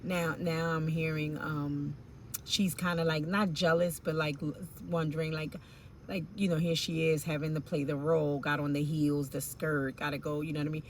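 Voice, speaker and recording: A woman's voice: low voice, level tone, moderate pace, slight background noise. A woman giving an intuitive tarot reading, musing aloud in informal slang with rambling asides and fillers. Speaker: tarot reader.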